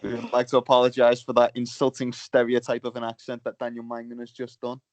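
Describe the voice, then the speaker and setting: A man's voice: medium pitch, completely flat delivery, brisk. A young man co-hosting a podcast in casual chat, with a dry, sarcastic wit. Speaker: podcast co-host.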